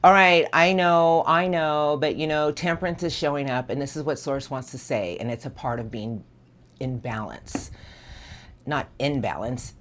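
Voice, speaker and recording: Earnest tarot reader, mid-pitched. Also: a little mellow. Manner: earnest, encouraging, speaks to an unseen source. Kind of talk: tarot reading.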